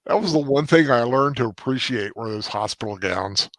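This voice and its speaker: A man's voice: medium pitch, lively intonation, moderate pace, no echo. Guy hosting a movie rewatch, rambly and laughy, dry close sound. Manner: rambling, laughs a lot, many fillers. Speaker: host of a movie rewatch commentary. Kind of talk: casual group commentary.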